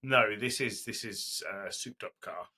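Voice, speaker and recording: Male co-host, husky forceful voice, loose rambling storyteller. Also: fairly low pitch, unhurried. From Britain. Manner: rambling storytelling recap with fillers. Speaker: podcast co-host. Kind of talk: casual chat.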